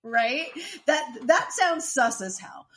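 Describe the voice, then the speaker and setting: A woman's voice: high-pitched, very animated, slow, sharp tone. Chatty woman podcast co-host. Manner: chatty, trailing off into restarts. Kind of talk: casual chat recapping a TV episode.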